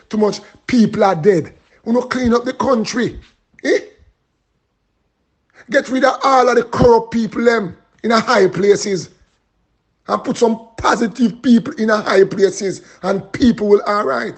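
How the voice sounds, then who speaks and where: A man's voice: sits high, unhurried, slightly rough. A Jamaican man giving a pleading, repetitive, preacher-style live appeal and prayer. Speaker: street preacher and vlogger.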